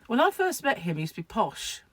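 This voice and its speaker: A woman's voice: a little high, sing-song, a little fast, fairly bright tone, slight background noise. A woman chatting casually to camera at home, rambling and laughing at her own asides. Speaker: crochet vlogger.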